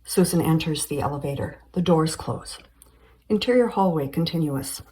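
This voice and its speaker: A woman reading a screenplay aloud, calmly stating scene headings and directions. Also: low voice, normal speed, poor audio. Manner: steady, matter-of-fact delivery of scene directions. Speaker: screenplay reader.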